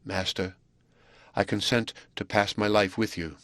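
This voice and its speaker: A man voicing a shy, earnest young Belgian woman, speaking softly and hesitantly. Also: lowish voice, steady tone, measured pace, no room sound. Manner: soft, quiet and hesitant.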